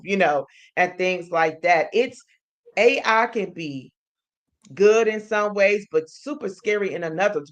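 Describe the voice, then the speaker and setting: A woman's voice: on the low side, fairly bright tone. A woman co-hosting a live stream, talking casually and thinking aloud as she goes. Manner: rambling, thinks aloud with um and you know. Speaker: co-host.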